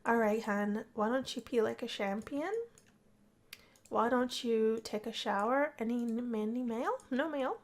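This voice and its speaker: A woman giving chatty, excitable commentary as she plays a life-simulation game, gasping and gushing over what happens. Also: on the high side, a little slow. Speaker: gameplay narrator. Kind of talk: casual let's play commentary.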